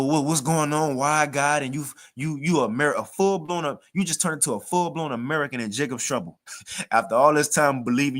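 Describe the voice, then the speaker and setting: A man's voice: medium pitch, a bit bright. A man preaching in a casual, slangy way, talking conversationally and reading scripture aloud between his comments.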